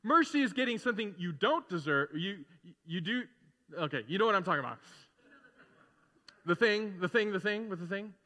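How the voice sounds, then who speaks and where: A middle-aged man preaching a sermon as pastor in a conversational way, building to loud, emphatic repetition. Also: high voice, animated, a little fast. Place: church sanctuary. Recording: long hall reverb in a church.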